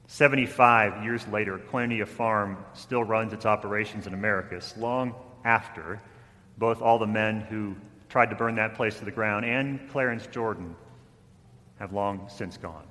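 A man preaching a sermon, telling a story with rising intensity, then softening toward a quiet close. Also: on the low side, normal speed, in a large hall. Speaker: pastor.

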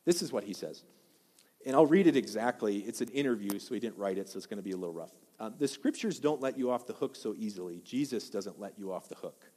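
A young man from Wisconsin preaches to his congregation, mixing scripture with animated personal stories and direct questions to the crowd. His voice sits at an ordinary male pitch. A long reverb from the church hall trails each phrase. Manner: animated storyteller, asks the audience questions. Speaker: pastor. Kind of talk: sermon.

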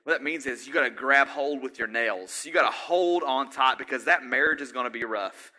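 A middle-aged man preaching a sermon in a conversational way, often asking the congregation questions and building to loud exhortation. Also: medium pitch, a little fast, few pauses. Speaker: pastor.

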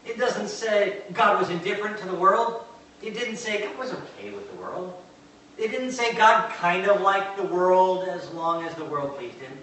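A man preaching a sermon, moving from quiet asides to slow, emphatic declarations and questioning his congregation. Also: sits high, animated. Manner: asks the congregation questions and answers back. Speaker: pastor. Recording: echoey hall from far off, faint noise.

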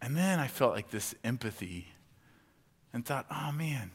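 A man's voice: mid-range voice, animated, a little slow. A man giving a sermon as a conversational story, with many fillers and acted-out quotes. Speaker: pastor. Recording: long hall reverb.

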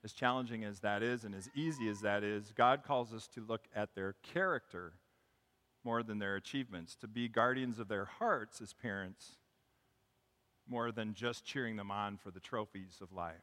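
A man's voice: lowish voice, normal speed, a bit bright. A man preaching as pastor of his church, chatty and upbeat, telling jokes and stories to the congregation. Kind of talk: sermon. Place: church sanctuary. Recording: long hall reverb.

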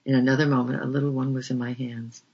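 A man reads a memoir aloud in a measured storybook narration, his pitch held narrow and even. His voice is gravelly and husky, and the recording is dull and lo-fi. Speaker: audiobook reader.

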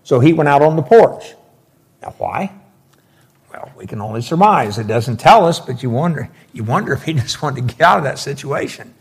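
A man's voice: mid-range voice, expressive, moderate pace, husky. A man preaching a verse-by-verse sermon, explaining scripture with emphatic, folksy asides.

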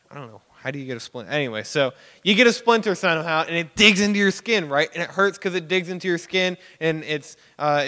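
A man's voice: medium pitch, a bit bright. A young man giving a sermon illustration, telling a story in a casual, rambling way full of fillers. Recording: long hall reverb.

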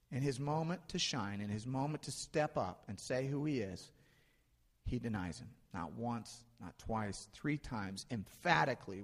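A male pastor giving a sermon in a conversational way, building emphasis through repeated phrases. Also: medium pitch. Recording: long hall reverb.

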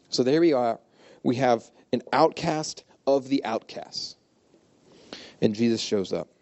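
A man's voice: medium pitch, a little mellow. A man preaching a conversational sermon, informal and humorous, retelling the story with playful asides. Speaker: pastor.

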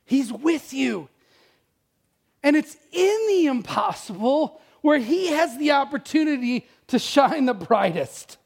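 A middle-aged man preaching a sermon, telling a personal story with dramatic swings from loud exclamations to hushed, near-whispered lines. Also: very high-pitched, very animated, a little slow, hardly any pauses. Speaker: pastor.

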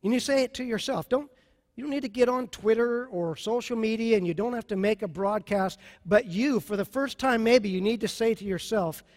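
A man preaching a sermon on marriage, emphatic and repeating key phrases slowly for effect. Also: sits high, a little mellow. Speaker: pastor. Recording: long hall reverb.

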